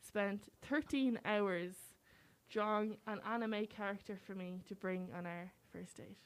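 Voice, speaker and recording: Young woman on a podcast, mid-pitch, rambles on with lots of likes. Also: unhurried, clear, resonant tone. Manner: loose, rambling, filler-heavy talk. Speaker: podcast co-host. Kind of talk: casual chat.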